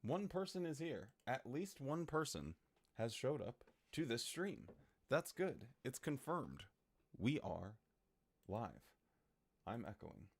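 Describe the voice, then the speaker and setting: A man's voice: mid-range voice, sing-song, slow pace, breathy edge, dry recording. A man hosting a casual livestream, playfully greeting viewers in chat. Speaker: livestream host. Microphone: desktop microphone.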